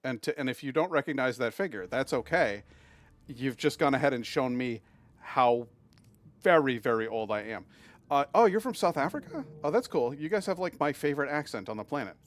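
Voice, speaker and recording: A man's voice: mid-range voice, sing-song, brisk. Chatty man streaming, restarting sentences. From Massachusetts, USA. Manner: chatty, often restarts and stammers, reads and answers chat. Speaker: game streamer. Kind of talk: casual live-stream chat while gaming.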